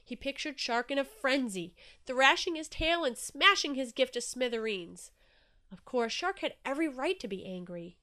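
A woman narrating a children's storybook with a gentle, expressive reading. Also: sits high, moderate pace.

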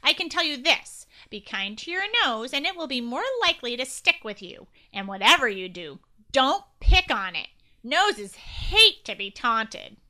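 A woman voicing a nasal-voiced male secret health agent who talks loudly and earnestly. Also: sits high, sing-song, a little slow, exaggerated voice.

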